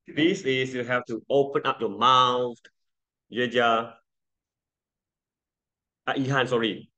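Male classroom teacher, unhurried delivery, patient and repetitive, coaching vowel sounds. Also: mid-range voice, fairly even intonation, sharp tone. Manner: slow, patient drilling, repeating sounds for students. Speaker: English pronunciation teacher. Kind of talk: classroom lesson.

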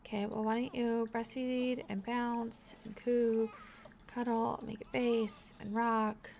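A young woman hosts a casual gameplay let's play, chatting and thinking aloud as she clicks through. Her voice sits a little high, and she cheers her characters on warmly. A faint background ambience hums under her. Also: level tone, slow pace, gravelly, slight background noise.

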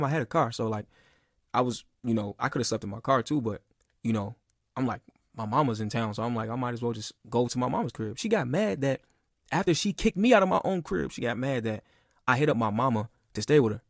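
A man's voice: medium pitch, no room sound, clean studio sound. A man in his twenties venting in a casual, emphatic, profane monologue that keeps circling back on itself. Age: 20s. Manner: emphatic, profane, repeats himself. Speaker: podcast guest.

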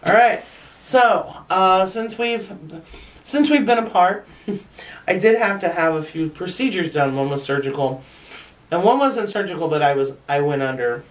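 A woman vlogger with a fairly low, expressive voice tells a story to camera at an unhurried pace, sitting a little back from the mic. She's chatty and frank, laughs often, and swears bluntly without any filter.

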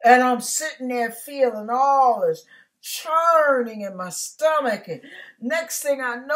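Woman, home-recorded online preacher; slow, bright delivery with a preaching cadence. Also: sits high. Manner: animated, emphatic, repetitive preaching cadence. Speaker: online Christian teacher. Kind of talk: testimony preaching. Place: her living room. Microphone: computer mic.

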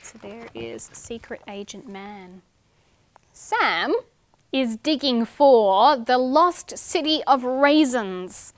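A woman and children's librarian reading picture books and leading rhymes in an animated, sing-song, clear way. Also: on the high side, takes it slowly, slight background noise.

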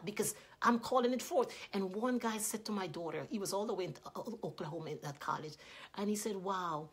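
A middle-aged woman preacher delivering an impassioned sermon, swinging between emphatic exhortation and quiet prayer. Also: lowish voice, slightly rough. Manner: impassioned, rising to emphatic peaks then dropping to quiet prayer.

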